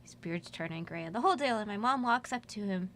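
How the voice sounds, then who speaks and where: A woman's voice: mid-range voice, expressive, fast, a bit bright, a little hiss or hum. A woman guest in a college radio studio, chatting casually in a rambling way and laughing often. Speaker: musician guest. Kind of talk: casual radio interview chat.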